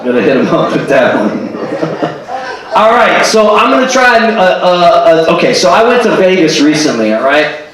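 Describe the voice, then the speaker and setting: A man doing a stand-up comedy set, animated and throwing in character voices and Spanish phrases. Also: a little high, moderate pace. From Cuban family. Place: stage at a live show with audience. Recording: echoey room, distant live recording with crowd. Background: audience laughing.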